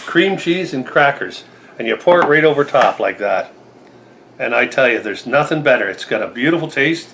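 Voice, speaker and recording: Playful man with a lively voice. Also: mid-range voice, moderate pace, vocal fry, a little hiss or hum. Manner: playful, jokey, eager. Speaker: homestead vlogger, husband. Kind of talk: casual kitchen chat. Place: home kitchen.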